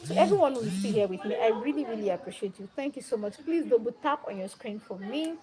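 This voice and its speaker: A young woman hosting a live stream, telling a Bible story in a casual, animated and dramatic way. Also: on the high side, fast talker, few pauses, rough recording. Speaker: livestream host.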